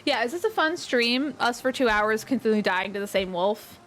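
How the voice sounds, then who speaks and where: Lively high-voiced woman gaming. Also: fairly quick, a little hiss or hum. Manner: chatty, rambling, laughs often. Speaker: streamer co-playing a survival game. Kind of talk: casual gaming chat.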